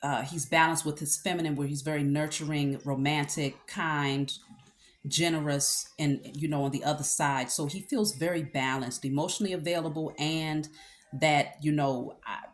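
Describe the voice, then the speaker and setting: A woman with a low voice talks through a tarot reading in an easygoing, conversational way. She stops often to check in with her listener and fills the pauses with casual asides. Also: fairly even intonation. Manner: conversational, with fillers and check-ins. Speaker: tarot reader.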